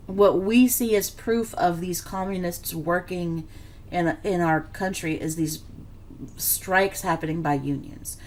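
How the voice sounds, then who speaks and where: A woman's voice: lowish voice, darkish tone. A woman teaching a history lesson in a casual, conversational way, full of fillers and check-ins, a bit tired and yawning. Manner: conversational, filler-heavy, checks in with "okay" and "right". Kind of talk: classroom lecture on slides.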